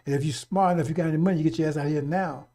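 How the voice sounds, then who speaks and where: A middle-aged man delivers a fiery, improvised radio sermon with blunt, profane exhortations that circle back to the same warning. His voice sits a little high for a man. The tone is mellow and dark rather than bright. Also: steady tone, racing. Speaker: radio preacher.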